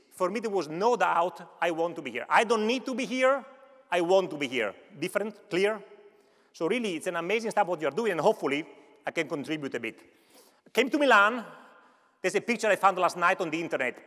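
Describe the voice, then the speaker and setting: A man's voice: high-pitched, a bit bright. A man in his fifties from Italy's Veneto region with a Veneto Italian accent, giving a chatty conference keynote with joking asides to the audience. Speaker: alumni keynote speaker. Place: large university auditorium. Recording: echoey lecture hall.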